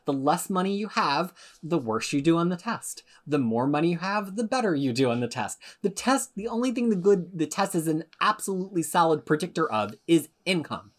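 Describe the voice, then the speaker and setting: A woman co-hosting a comics podcast with a slightly low voice. She talks with passion, often building into an indignant rant and swearing freely. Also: very animated, brisk. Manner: impassioned, ranting, swears. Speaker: podcast co-host. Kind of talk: casual chat.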